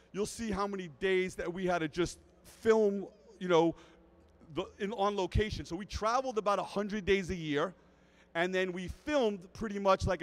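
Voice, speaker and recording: A man giving a lively talk at a fish convention, telling anecdotes and addressing the crowd directly. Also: high voice, rough recording. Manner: animated storyteller who acts out quotes. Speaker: guest speaker at a fish convention.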